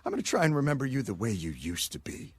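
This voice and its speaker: Man, dry wry comic, lively pitch, slightly husky, cartoon clip. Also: fast, no echo. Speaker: comedian guest voice in cartoon. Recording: TV episode clip audio.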